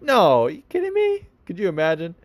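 A man doing an impression of a brash, sarcastic male fighter who mocks rivals in a high, incredulous voice. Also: expressive, a little fast, no echo. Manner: shouted, high, incredulous mockery.

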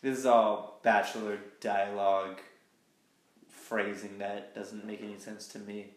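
A man's voice: on the low side, little pitch movement, measured pace, echoey room. A man co-hosting a podcast, recapping episodes in casual chat and acting out quotes in mocking voices. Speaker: podcast co-host.

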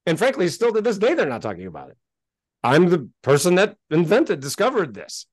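A middle-aged man speaks as a podcast guest with a voice pitched a little high. He tells his story in an animated, emphatic way and gets worked up. The sound is dry and close, with no room around it. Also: a little fast, slightly rough, no room sound. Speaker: interview guest.

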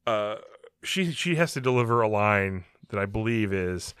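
A man's voice: on the low side, expressive, moderate pace, fairly bright tone, clean tone, no room sound, studio quality. A man casually discussing a movie in a wry, laid-back way, often laughing at it. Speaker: film podcast co-host. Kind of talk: casual film review chat.

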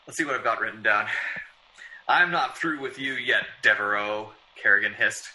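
A man's voice: on the low side, normal speed, sharp tone, a little hiss or hum, poor audio. A man playing a fussy writer who mutters over his own draft, in 1940s radio acting.

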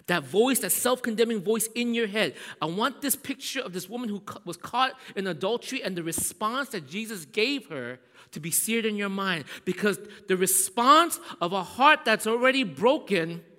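A male pastor preaches with animated storytelling, keeping his listeners along with repeated "right?" and sudden whispered asides. His voice is bright and sits slightly high for a man. It rings with a long reverb, as in a large hall. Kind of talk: sermon. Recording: echoey hall.

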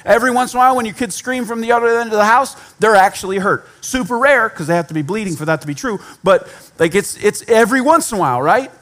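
A man's voice: sits high, fast talker, hardly any pauses, fairly bright tone. A man preaching a sermon in a conversational style, with repetition and self-deprecating humor. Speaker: pastor.

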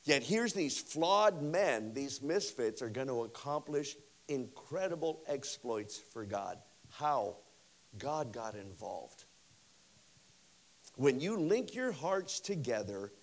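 A man preaching a revival sermon as pastor, animated and conversational, swinging between loud bursts and hushed lines with many repeats. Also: mid-range voice. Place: church service.

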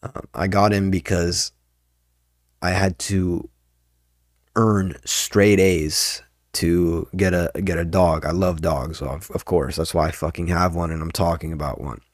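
A man's voice: deep voice, fairly even intonation, measured pace, no room sound, studio quality. A young man and open mic comedian, rambling and swearing a lot in a casual podcast monologue. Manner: rambling, profane, ranting.

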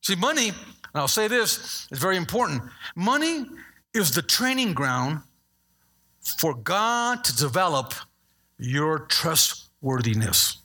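A man's voice: on the high side, takes it slowly. A middle-aged male pastor preaching a sermon, acting out voices and asking the congregation questions. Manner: animated, acts out voices, asks the congregation questions.

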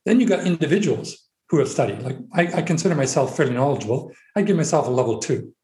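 A man as a podcast guest, calmly explaining his ideas step by step in conversation. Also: fairly high pitch, fast talker. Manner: methodical, lays out points step by step. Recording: roomy echo.

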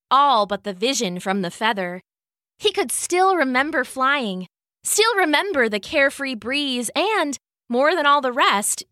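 A woman hosting a story podcast, narrating a children's story in a soft, unhurried, expressive way on a close studio mic. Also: a little high, no room sound. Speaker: storyteller host.

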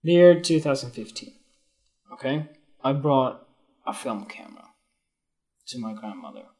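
A man's voice: medium pitch, sing-song, unhurried, mellow. A man hosting a casual photography talk on a live stream, candid, swearing often, restarting his sentences and growing emotional. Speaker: photography podcast host. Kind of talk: casual spoken monologue on Instagram Live.

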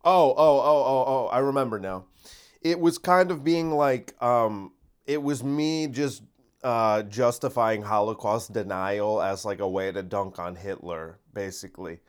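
A man hosting a casual solo podcast, talking in a rambling, energetic way and dropping into deadpan mock voices. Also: fairly low pitch, a little slow, clear, resonant tone. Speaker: podcast host and comedian.

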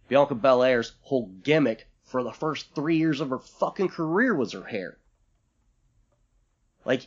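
Ranting and cursing in an animated way, a man co-hosts a podcast during casual conversation. He has a mid-range voice, with the high frequencies cut off.

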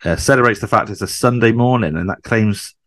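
A man's voice: fairly low pitch, a little fast, a bit bright, no echo, clean studio sound. A man co-hosting a podcast in casual chat, chatty and fond of tag questions. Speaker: podcast co-host. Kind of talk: casual chat about a TV sitcom.

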